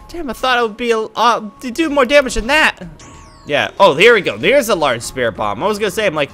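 A man giving goofy, excitable commentary while playing a video game. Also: high-pitched, fairly quick, soft background music. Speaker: gaming YouTuber. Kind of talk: casual let's-play commentary.

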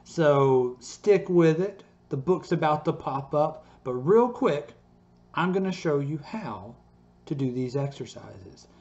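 A man coaching a home PE workout in his basement. He sounds upbeat and encouraging and ends most sentences with a quick "okay?" or "all right?". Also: on the high side, animated, a little mellow. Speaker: PE teacher. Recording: echoey basement, slightly dull sound.

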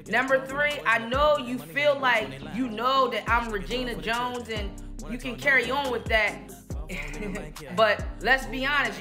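A woman on a YouTube channel giving confrontational commentary, sassy and calling someone out, laughing in between. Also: fairly high pitch.

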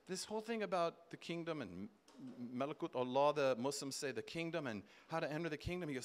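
A man giving a storytelling talk at a conference, animated and humorous, acting out the voices of people in his stories. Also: on the high side, a little fast. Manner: animated, acts out quoted voices, humorous asides. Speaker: conference speaker. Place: conference stage before a live audience.

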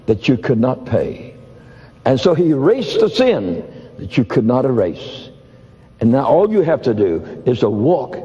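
Older preacher with a lively storytelling voice. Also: male voice. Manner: storytelling, acts out dialogues with shifts in pitch. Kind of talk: sermon. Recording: dull lo-fi audio in a reverberant hall.

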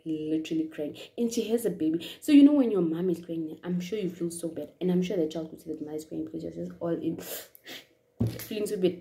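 A woman from Namibia tells a story in a casual vlog at a hair salon. She is animated and repeats words in quick strings. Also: medium pitch. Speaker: YouTuber.

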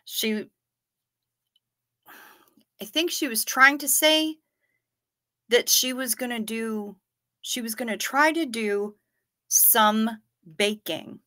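A woman's voice: on the high side, slow, pauses often, pushed and bright. A woman hosting a livestream, chatting casually and gushing over viewer photos and comments. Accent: Midwestern American. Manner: gushing, playful, laid-back. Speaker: livestream host.

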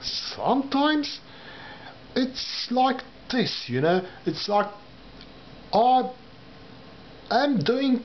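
A man with a non-native English accent speaking to camera, in slow, halting, carefully pronounced phrases. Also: sing-song, slight background noise. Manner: wide pitch swings from low murmurs to high emphasis. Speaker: vlogger. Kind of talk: talking to camera about learning a language. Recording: dull lo-fi sound with faint ambience.

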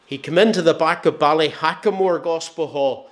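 Preaching in a Northern Irish accent, this man in his sixties has a voice on the high side. He weaves in stories with gentle humour, his phrases trailing off softly and slowly at the ends.

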